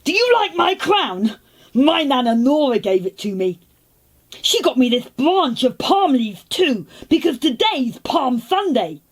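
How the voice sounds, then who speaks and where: A woman's voice: sits high, very animated, a little slow, exaggerated voice. A woman voicing an eager young boy who tells a children's church lesson in a childlike, storytelling way.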